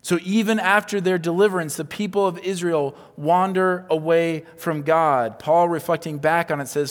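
Male pastor, sermon delivery, fairly high voice, hushed-to-emphatic swings, long hall reverb. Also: normal speed, hardly any pauses. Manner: swings from hushed whispers to loud emphatic preaching.

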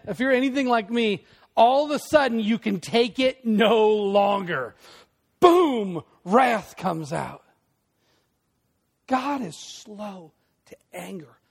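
This male pastor delivers a conversational sermon in a high-pitched voice with vocal fry. He shifts between loud bursts and hushed emphasis, often turning aside to address the congregation.

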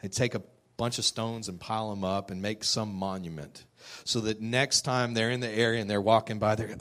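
A man's voice: fairly low pitch, steady tone, fairly quick, a bit bright. Man telling a personal story with humor. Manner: conversational, self-deprecating humor, laughs often. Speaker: speaker sharing a personal testimony.

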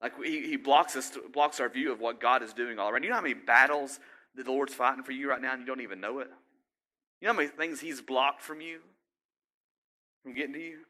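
Bright-voiced preacher man. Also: medium pitch, a little fast. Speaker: pastor. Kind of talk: sermon.

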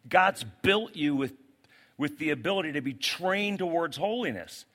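A male pastor preaching a sermon to a congregation. He is animated, swinging between loud outbursts and quiet, pleading asides. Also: fairly high pitch, moderate pace. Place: church sanctuary with congregation.

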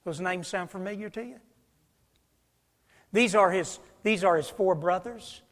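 A man preaching a sermon, swinging from loud declarations to hushed, near-whispered passages. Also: high-pitched, a little slow. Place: church sanctuary. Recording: long hall reverb.

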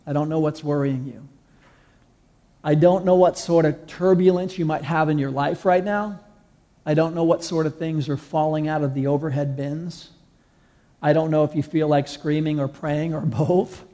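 A pastor preaching a conversational sermon, telling stories and repeating key lines slowly for emphasis. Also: male voice, a little high, steady tone, dark tone. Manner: conversational storytelling, slow emphatic repetitions.

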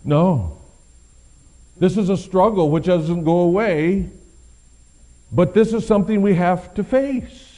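A middle-aged man preaching a sermon as pastor, swinging from quiet, low passages to loud, emphatic ones. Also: slow pace, long pauses.

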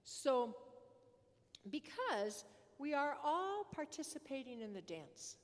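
A woman's voice: sits high, very animated, slow pace. A woman priest giving a sermon in an earnest manner, leaning on repetition for emphasis, in a large church. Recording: long church reverb.

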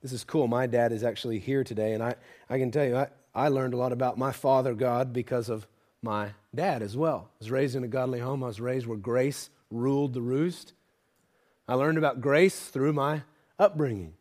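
A man preaching a sermon to a congregation, moving between quiet intimate asides and loud emphatic passages, often asking the audience rhetorical questions. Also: medium pitch, fairly even intonation, moderate pace.

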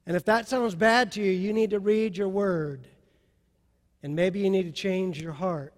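In a sermon, a male pastor preaches with a high, ringing voice, driving lines out with fervor before dropping to a hush. His unhurried, impassioned delivery swings from soft to loud, and a large hall's long reverb trails each phrase.

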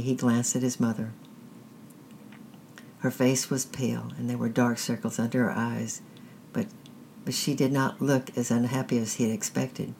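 Gravelly storybook narrator. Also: mid-range voice, a little mellow, slight background noise. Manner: measured, deliberate reading. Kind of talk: scripted narration of a children's story.

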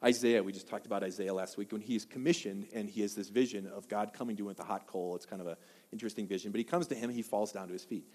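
A pastor from Wisconsin giving a sermon, an animated storyteller who keeps asking the crowd questions. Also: male voice, lowish voice, fast, in a large hall.

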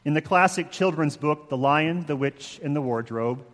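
Preacher with echoey hall sound. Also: male voice, a little high, fairly bright tone. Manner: measured, emphatic, with slow dramatic pauses. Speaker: pastor. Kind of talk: sermon.

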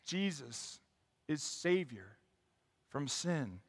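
Male pastor, sermon, high voice, slow deliberate delivery, long church reverb. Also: big pitch swings, breathy edge. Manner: rises to loud emphatic preaching; leads congregation call and response. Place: church sanctuary.

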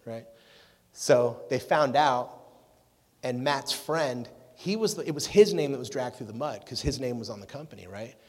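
Man, youth pastor, lively sermon, banter with audience, middle pitch, reverberant hall. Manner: energetic, jokey, talks with the audience.

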